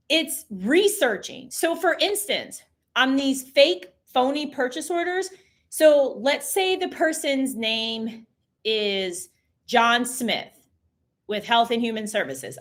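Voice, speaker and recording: A chatty woman hosts a casual stream, talking straight to her viewers. Her voice sits high, and its pitch swings widely from one phrase to the next. She talks with an emphatic, animated manner. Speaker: host. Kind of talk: casual livestream chat.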